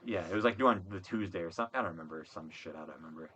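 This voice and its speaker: Young male podcast host, bright voice, animated and profane storyteller, chatting in a dorm room. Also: low-pitched, very fast. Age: young adult. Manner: animated, profane, acts out quotes. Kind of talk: casual storytelling chat.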